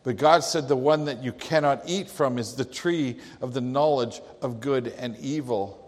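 A man's voice: medium pitch, normal speed. A male pastor preaching a sermon with emphatic delivery, quoting scripture. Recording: long hall reverb.

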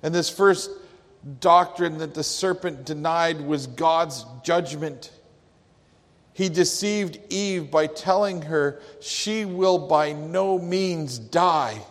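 A man's voice: on the high side, slow pace. A male pastor preaching a sermon with emphatic delivery, quoting scripture. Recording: long hall reverb.

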